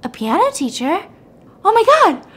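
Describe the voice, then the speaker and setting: A woman voicing an excitable young woman who gushes breathlessly. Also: extremely high pitch, normal speed, voice pushed up, exaggerated voice. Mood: gushing. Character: panicked, gushing young woman on a scooter.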